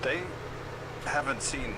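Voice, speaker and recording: An actor voicing a video game character, delivering scripted dialogue in a measured, explanatory way. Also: male voice, mid-range voice, a crowd in the background, close to an everyday voice, low-quality recording. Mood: calm.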